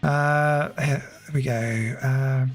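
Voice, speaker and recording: A man's voice: medium pitch, fairly even intonation, drawn-out words, faint music behind. A man chatting casually while streaming a game, greeting viewers by name and laughing often. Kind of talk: casual livestream chat.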